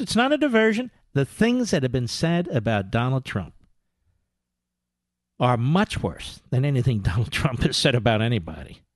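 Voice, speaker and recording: Male talk radio host: high, swooping delivery, sarcastic and emphatic, dry studio sound. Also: no echo. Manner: sarcastic, mocks opponents in put-on voices; emphatic, repeats words for effect. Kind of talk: political talk radio monologue.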